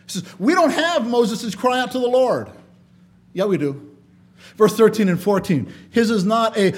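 A man preaches with a notably high-pitched voice. His delivery is dynamic, rising into loud emphasis and dropping to quiet asides. When reading scripture, he slows into a measured cadence. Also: lively intonation, breathy edge. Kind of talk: sermon.

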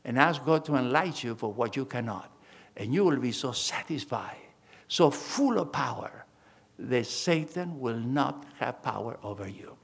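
Gravelly storytelling preacher man. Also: mid-range voice, expressive, moderate pace. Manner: storytelling preacher, acts out conversations, emphatic. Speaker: pastor. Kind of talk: sermon.

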